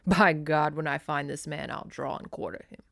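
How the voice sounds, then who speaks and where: A woman reading as a loud, domineering romance hero. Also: fairly low pitch, normal speed, dry recording, studio quality, pitched below the performer's own voice, lightly acted. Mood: angry demanding. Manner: demanding, loud and confrontational. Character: forceful grown man, a domineering romance hero.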